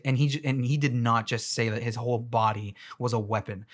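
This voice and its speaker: A young man giving casual, rambling trailer-reaction commentary, full of fillers and quick to laugh. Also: medium pitch, fairly even intonation. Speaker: movie commentator.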